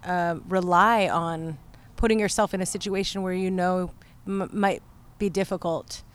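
A woman musician talking about her songwriting in an interview, thoughtful and hesitant with many pauses and fillers. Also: lowish voice, steady tone, smooth. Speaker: musician guest. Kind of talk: conversational interview.

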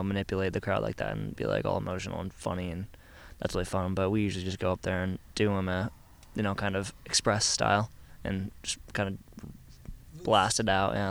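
A man's voice: low voice, steady tone, brisk, vocal fry, smooth. A young man who sings in a band, telling a story in a casual interview and acting out other people's lines with energy. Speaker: band singer.

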